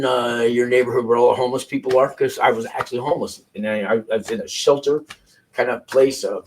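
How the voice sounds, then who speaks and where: A man's voice: medium pitch, a little hiss or hum, rough recording. A man hosting a casual talk show, speaking candidly and rambling with restarts and swearing between news clips. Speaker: host reacting to news clips. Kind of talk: casual chat.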